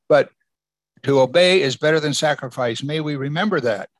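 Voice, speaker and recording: A man's voice: fairly high pitch, normal speed, dry recording. A man preaching a sermon as pastor, emphatic and asking the congregation rhetorical questions.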